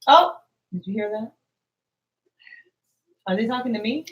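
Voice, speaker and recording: A woman's voice: fairly high pitch, lively intonation, measured pace. A woman voicing a middle-aged mother who is easily offended and breezily brushes off serious talk. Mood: breezy.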